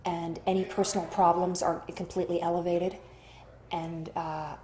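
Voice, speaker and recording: A woman's voice: fairly low pitch, little pitch movement, moderate pace, warm tone, a little hiss or hum. A woman actor in an interview, chatty and rambling, telling stories and acting out the dialogue. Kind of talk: candid interview storytelling. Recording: roomy echo.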